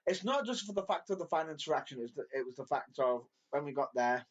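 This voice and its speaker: A man co-hosting a podcast, giggling a lot and swooping up into high squeals when he laughs or mimics. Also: animated, fast talker. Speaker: podcast co-host. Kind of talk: casual storytelling chat. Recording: dull lo-fi audio.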